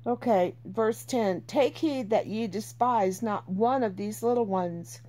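A woman's voice: medium pitch, slow pace, dark tone. A woman reading Bible verses aloud and teaching from them in an earnest, informal way, repeating herself for emphasis.

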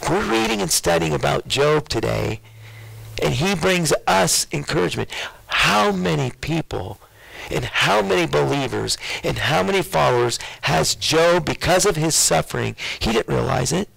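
A man's voice: on the high side, big pitch swings, moderate pace, creaky, a bit bright, low-quality recording. A man preaching a sermon as a pastor, calling out questions to his congregation. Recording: radio broadcast of a church sermon.

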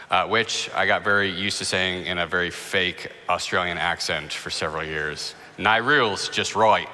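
A man's voice: low voice, bright, forceful tone. A young adult man preaching a sermon in a church, in a conversational, lightly humorous way. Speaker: pastor. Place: church sanctuary. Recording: long reverb of a large hall.

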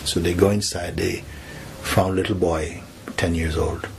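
A man, a spiritual teacher, telling a teaching story softly and acting out the characters' lines. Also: low-pitched, fairly even intonation, unhurried, gravelly, slight background noise.

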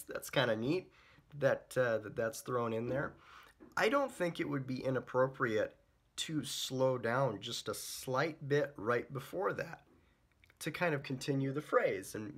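A young man teaching trumpet in a chatty, relaxed way, sometimes scatting the phrases. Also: mid-range voice. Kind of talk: casual music lesson.

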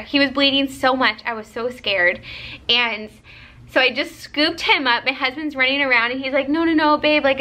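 A young woman vlogger, tired, chatting casually to camera and telling a story in an animated way with lots of fillers. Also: a little high.

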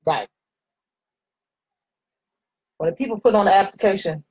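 A woman's voice: mid-range voice, a little slow, long pauses, breathy edge, rough recording. A woman in her forties chatting playfully with viewers while she does her makeup. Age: 40s. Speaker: makeup vlogger. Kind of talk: casual chat while doing makeup.

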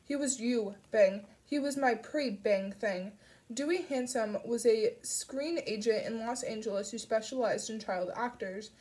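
A woman's voice: a little high, measured pace, a little mellow, lightly acted. Sinister older male driver, read by a woman, coaxing, solemn, audiobook. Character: smooth-talking sinister older male chauffeur.

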